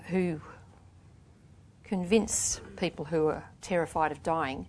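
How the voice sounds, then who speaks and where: An older woman with a fairly low voice talks through her book and reads passages aloud. She tells it with animated, emphatic storytelling. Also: a little hiss or hum. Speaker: author reading from her novel. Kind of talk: author talk and book reading.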